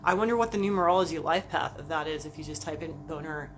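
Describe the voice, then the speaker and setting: Female vlogger, lower register, loose and profane, treats the audience as friends. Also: fast, slight background noise. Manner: rambling, profane and chatty; talks to viewers as friends. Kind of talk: casual livestream chat.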